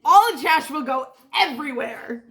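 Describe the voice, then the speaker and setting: A woman's voice: sits high, animated, moderate pace, fairly bright tone. Chatty woman vlogger, laughing and swearing. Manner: rambling, laughs often, swears casually. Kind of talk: casual storytelling vlog.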